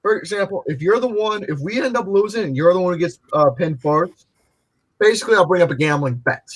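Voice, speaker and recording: Male podcast host, slightly high voice, boastful, crude humor. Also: expressive, brisk. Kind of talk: casual group banter.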